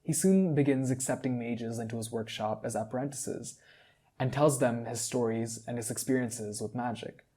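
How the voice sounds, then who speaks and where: A man narrates a fantasy tale in a calm, measured reading voice. His tone is dark and mellow, with a husky, slightly breathy texture. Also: medium pitch. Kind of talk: storytelling narration.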